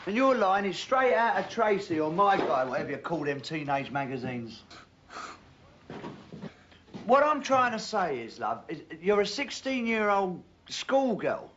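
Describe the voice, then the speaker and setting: An actor playing a cheeky but decent young bricklayer who teases and calls people "love", in a TV drama. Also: male voice, high voice, sing-song, measured pace, a bit bright, full character voice. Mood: earnest. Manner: teasing, chatty, uses "love" a lot. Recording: muffled old TV soundtrack with faint hiss.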